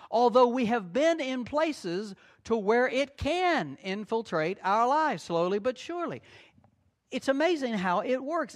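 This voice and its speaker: A man in middle age delivers a sermon with a notably high-pitched voice. He talks to his congregation conversationally, repeating key phrases and acting out quick back-and-forth asides. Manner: conversational preaching with repetitions and acted-out asides. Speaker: pastor.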